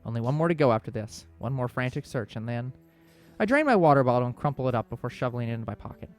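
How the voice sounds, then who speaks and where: A man's voice: medium pitch, faint music behind. A man hosting a let's play, reading a visual novel's narration aloud with small slips. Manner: quick, steady storybook reading with small slips.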